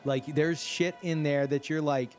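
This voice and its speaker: A man's voice: fairly high pitch, fairly even intonation, unhurried, faint music behind. A man in his thirties hosting a stream, chatting casually and animatedly, swearing freely. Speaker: streamer host. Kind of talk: casual chat.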